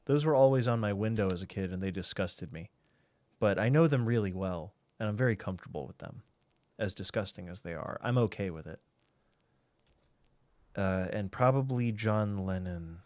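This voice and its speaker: A man's voice: lowish voice, moderate pace, a little mellow, no echo. A man streaming a game, chatting casually and thinking aloud while he answers chat.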